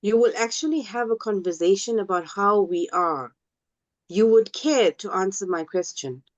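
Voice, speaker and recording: A woman teaching an online class, speaking slowly and deliberately and often checking whether her students understand. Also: medium pitch. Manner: slow, deliberate, asks the class questions. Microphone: video call. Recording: dull lo-fi video call audio.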